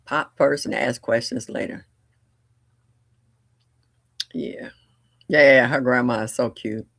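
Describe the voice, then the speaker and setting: An older woman hosting a livestream, chatting casually and bluntly, telling family stories with animated delivery and laughter. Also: extremely low pitch, takes it slowly, creaky, pauses often, dry recording. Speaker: livestream host. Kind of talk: casual storytelling chat.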